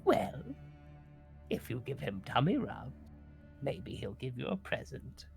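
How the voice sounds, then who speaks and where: Gravelly playful man running a game. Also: mid-range voice, sing-song, a little slow, faint music behind. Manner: playful, voices characters. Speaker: game master. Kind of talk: narrating a tabletop game.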